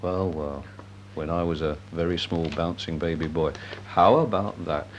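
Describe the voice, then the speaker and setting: A man's voice: deep voice, moderate pace, highs cut off, a little hiss or hum. A man presenting local radio in a genial, rambling chat style. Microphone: studio microphone.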